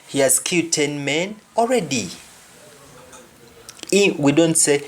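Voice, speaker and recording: A man's voice: a little high, very animated, a little slow. A man teaching a language lesson, explaining carefully and repeating each example phrase twice before translating it.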